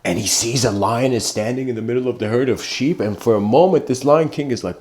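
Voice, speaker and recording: A man giving a meandering, livestreamed philosophical lecture, often clearing his throat as he tells a story. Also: mid-range voice, moderate pace, a little mellow.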